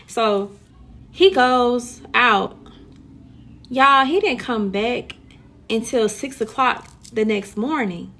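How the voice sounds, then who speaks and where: A young woman in casual storytime chat, animated and slangy, talking straight to her viewers. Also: a little high, slow, long pauses.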